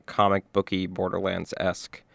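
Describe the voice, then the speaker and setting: A man co-hosting a casual gaming news podcast, relaxed and full of filler words. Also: sits low, normal speed, gravelly, no echo. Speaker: podcast co-host.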